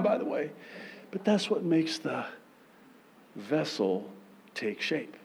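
A man preaching a sermon, theatrical and playful, acting out little scenes with sudden loud bursts and laughter. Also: medium pitch, sing-song, takes it slowly, gravelly, long pauses, slight background noise.

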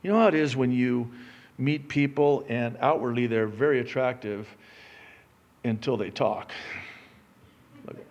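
A middle-aged man preaching a sermon, joking and poking fun at himself, swinging between loud emphatic lines and quiet asides. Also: medium pitch, a little slow, long pauses, dull audio. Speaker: pastor.

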